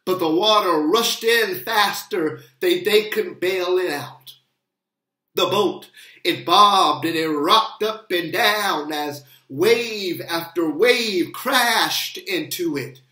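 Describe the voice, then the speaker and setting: Slow, emphatic preacher in an echoey church. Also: medium pitch, bright, forceful tone. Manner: slow, emphatic preaching with repeated rising appeals. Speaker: pastor. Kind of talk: sermon. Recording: roomy echo.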